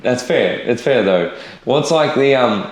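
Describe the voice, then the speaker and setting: A man's voice: medium pitch, expressive, measured pace, roomy sound. A young man hosting a casual interview, laid-back and backing up his guest with short "yeah"s. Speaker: podcast host.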